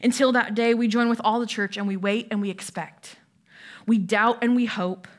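A woman's voice: fairly high pitch, steady tone, moderate pace. A woman pastor preaching a sermon in a conversational way, often asking the listeners questions. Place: church.

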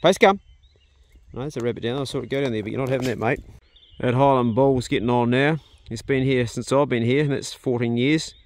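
A middle-aged man with a New Zealand accent talks casually while he walks his rural property. His voice sits at an ordinary pitch, easygoing and plain-spoken. The open outdoor air carries animal sounds behind him. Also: quick pace. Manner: relaxed, plain-spoken, chatty. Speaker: vlogger, farm owner. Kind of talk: casual narration on a farm walk.

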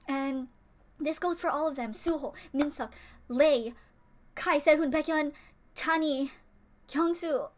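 Young woman vlogger, high voice, heated emotional fan rant, earnest and teary at times. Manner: impassioned, earnest, near tears at times. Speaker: YouTube reaction vlogger.

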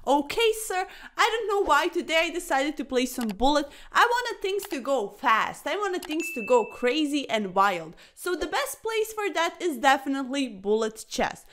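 Excitable bright-voiced woman commentating chess. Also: high-pitched, moderate pace, hardly any pauses, a little hiss or hum. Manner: excitable, chatty, keeps saying "sir", laughs often. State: breathless from talking fast. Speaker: chess streamer. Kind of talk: casual gameplay commentary.

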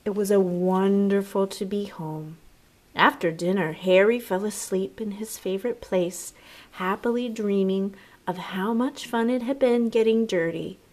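A woman teacher reading a picture book aloud to children, slow and expressive, pausing for little asides to her listeners. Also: mid-range voice.

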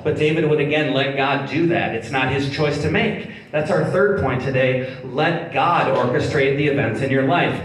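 A male pastor preaches in a loose, talky way and often laughs at his own asides. His mid-pitched voice rings out in a very echoey hall. He sounds like he is some way off from the mic. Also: distant mic. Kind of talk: sermon. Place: church hall.

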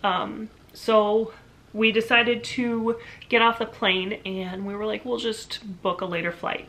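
A woman's voice: mid-range voice, a little slow. A woman in her thirties, a mother casually recounting a story in her vlog, chatty and full of "like". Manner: chatty, lots of "like", animated retelling. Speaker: vlogger, mother.

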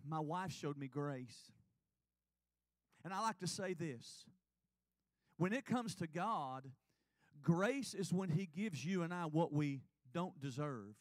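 A man's voice: a little high, expressive, slow, pauses often, no room sound. A man, preaching in church and telling his own testimony in an earnest, confessional way. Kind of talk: sermon testimony. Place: church sanctuary.

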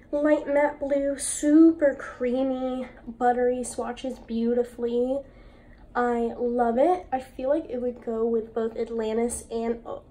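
A woman's voice: high-pitched, dark tone, slight background noise. A young woman chatting casually as a beauty vlogger, enthusiastic and full of "like" fillers, recorded at home. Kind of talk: casual chat while swatching makeup.

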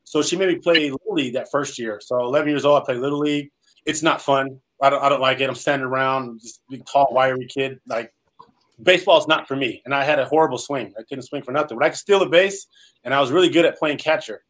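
Fast-talking man telling his life story. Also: mid-range voice, a bit bright, rough recording. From Salinas, California, US. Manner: earnest, rambling storyteller with frequent "um"s and restarts. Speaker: interview guest, former pro football player. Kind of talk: storytelling in a casual interview.

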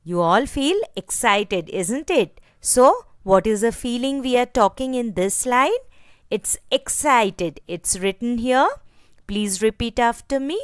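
In clean studio sound with no room echo, a woman with a slightly high, expressive voice teaches a kindergarten class slowly in Indian English. Her sing-song delivery is full of questions, and she has the children repeat each word after her.

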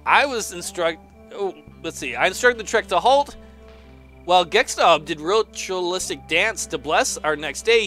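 A man's voice: high-pitched, pushed and bright. A man casually commenting on a game as he plays, exclaiming often, laughing and reading the game's text aloud. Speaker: let's player.

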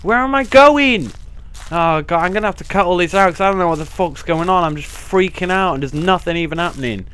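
A man's voice: sits high, fairly quick, fairly bright tone, clear, resonant tone. A young man playing a horror game, swearing constantly and breaking into panicky outbursts. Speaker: gaming channel host. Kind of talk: let's play commentary.

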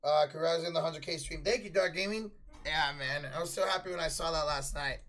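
A man with a notably high voice runs a live play-by-play stream, calling each possession and rising to loud calls on big plays. Between plays he relaxes into loose, profanity-laced chat with his viewers. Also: fairly quick. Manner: casual, swears freely, answers chat.

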